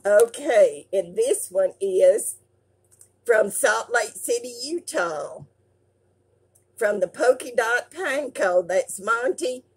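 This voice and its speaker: A woman's voice: a little high, animated, takes it slowly, slightly rough. An older woman, hosting her craft channel and reading fan mail aloud in a folksy, affectionate way.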